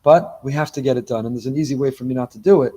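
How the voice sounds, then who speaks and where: A rabbi delivers a sermon to a live congregation in a synagogue, speaking emphatically, repeating key phrases and weaving in Hebrew terms. His medium-pitched, dark-toned voice races along.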